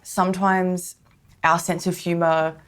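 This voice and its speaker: Chatty Australian woman, slightly low voice. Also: flat delivery, measured pace. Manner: chatty, laughing often, self-mocking. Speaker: podcast co-host. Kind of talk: casual chat.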